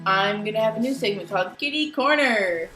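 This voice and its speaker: A young woman with a mid-range voice, speaking a bit fast and far from the mic, tells a comic everyday story on her vlog. She's animated and conversational, performing other people's voices, in an echoey room with soft background music.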